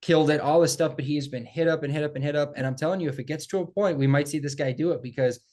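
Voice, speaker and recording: A man co-hosting a casual sports podcast, talking in an animated, emphatic way and repeating phrases for effect. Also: a little high, racing. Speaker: podcast co-host.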